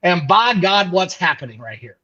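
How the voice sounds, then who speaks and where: Brief: male co-host, casual slangy storyteller, wide-ranging pitch. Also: sing-song, moderate pace, sharp tone. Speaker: podcast co-host. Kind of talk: casual chat. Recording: dull lo-fi sound.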